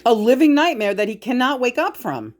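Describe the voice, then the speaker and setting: A woman's voice: fairly high pitch, big pitch swings, a little fast, darkish tone. Woman venting on camera, swearing a lot, worked up. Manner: profane, emotional ranting. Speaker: vlogger. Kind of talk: casual monologue.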